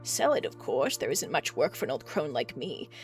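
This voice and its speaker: A streamer voicing a scheming old crone merchant in a game, sly and mocking, with a drawn-out delivery. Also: medium pitch, big pitch swings, faint music behind, close to an everyday voice. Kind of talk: reading game dialogue aloud.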